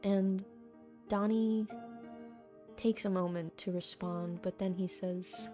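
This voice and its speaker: A woman game master narrating a tabletop game in slow, deliberate storytelling. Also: mid-range voice, fairly even intonation, mellow, soft background music.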